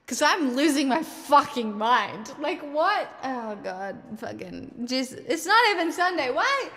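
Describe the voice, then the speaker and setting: An Australian woman talks casually to her live-stream audience. She swears often and keeps blurting out bewildered questions. Her voice sits high, and a long reverb hangs behind every word. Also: big pitch swings, slow pace, fairly bright tone.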